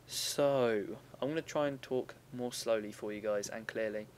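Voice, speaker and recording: A man's voice: medium pitch, fairly even intonation, moderate pace, hardly any pauses, slight background noise. A young man giving casual, rambling commentary over a recorded strategy game battle, often stopping to correct himself.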